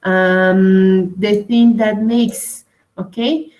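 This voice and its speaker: A woman whose first language is Spanish, teaching an English grammar class at a slow, hesitant pace and often checking in with "right?". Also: mid-range voice, steady tone, a little mellow, low-quality recording.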